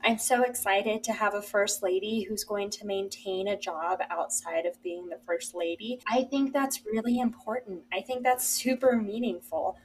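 A young woman co-hosting a podcast in casual chat, earnest and enthusiastic, often saying how excited she is. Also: medium pitch, normal speed, hardly any pauses, a little hiss or hum, low-quality recording. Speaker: podcast co-host.

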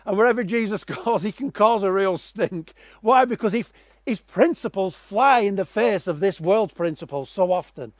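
Guy preaching, kinda high voice, dramatic retelling, gets quiet then loud, dry close mic. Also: no echo. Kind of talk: sermon.

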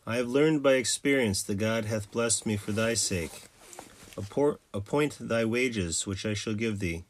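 A man reading the lines of Laban, a shrewd ancient father-in-law, slowly and with small stumbles. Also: on the low side, close to an everyday voice. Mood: ingratiating. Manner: slow, with stumbles and restarts.

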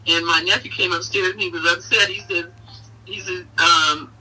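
A middle-aged woman, interviewed as a mother, telling fond family memories in an animated way and laughing often. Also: lowish voice, normal speed, slight background noise. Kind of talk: casual storytelling in an interview. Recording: voice heard from a distance.

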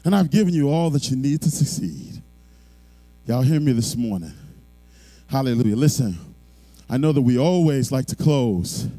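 A middle-aged male pastor preaching a sermon, moving from quiet storytelling to shouted exhortation. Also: on the high side, no room sound.

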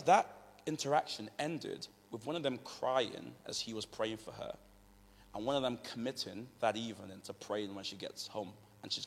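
A man giving a conversational sermon from England, telling animated stories and acting out what people said. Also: medium pitch. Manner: conversational, animated storytelling, acts out quotes. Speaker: preacher. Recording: long reverb of a large hall.

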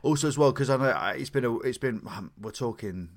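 A man's voice: mid-range voice, animated, brisk. A man co-hosting a podcast in casual chat, rambling and teasing, often restarting his sentences. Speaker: podcast co-host.

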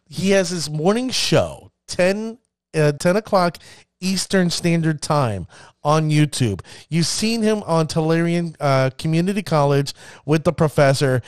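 A fired-up man hosts his own podcast, building hype and tripping over his words as he rambles. His voice sits a touch high for a man. The recording is close and dry, with no room around it. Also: lively intonation, a little slow, dry recording. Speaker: podcast host. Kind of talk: enthusiastic casual podcast talk.

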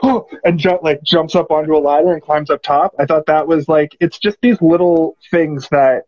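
A man's voice: fairly high pitch, steady tone, normal speed, dull audio. A man hosting a casual movie discussion podcast, rambling with lots of fillers. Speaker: podcast host.

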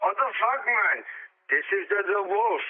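A high, furious male caller ranting down a tinny phone line, as a man acts him out. He swears constantly, keeps saying "man" and demands a call back. The line is thin and narrow. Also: expressive, normal speed. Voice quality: agitated, swearing, repeating "man".

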